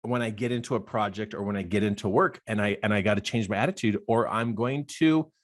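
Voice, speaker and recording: A man's voice: fairly low pitch, fast. A man, a life coach, telling a personal story with lots of laughter and acted-out dialogue. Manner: expressive, laughs often, acts out dialogue.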